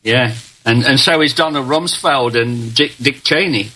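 An older man from Britain recounts his memories as an interview guest, earnest and reflective, often pausing and restarting. His voice is bright and forward in tone at an ordinary pitch. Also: rough recording. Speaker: guest, veteran. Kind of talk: casual storytelling in an interview.

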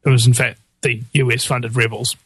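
A man giving sarcastic political commentary in a mocking, animated way, often laughing at his own jokes. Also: medium pitch, a little fast, breathy edge, no room sound.

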